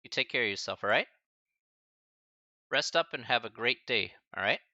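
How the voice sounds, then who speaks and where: A man teaching a math class on a live stream, saying goodbye to his students in a halting, emotional and casual way, often calling them buddy and man. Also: medium pitch, expressive, bright, forceful tone, no room sound, highs cut off. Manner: halting and choked up, many restarts and sighs; casual, friendly, calls listeners buddy and man. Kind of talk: emotional farewell talk to a live stream chat.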